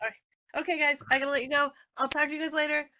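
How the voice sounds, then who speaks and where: A middle-aged woman chatting on a podcast, telling animated stories and acting out quotes between bursts of laughter. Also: high-pitched, racing, no echo. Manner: animated storytelling, acts out quotes, laughs often. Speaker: guest reviewer. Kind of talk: casual podcast chat.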